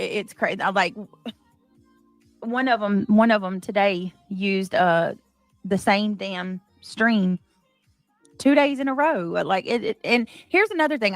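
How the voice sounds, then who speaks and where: A woman's voice: medium pitch, no room sound. A woman hosting a livestream, chatting casually, reading chat comments aloud and laughing often. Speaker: livestream host.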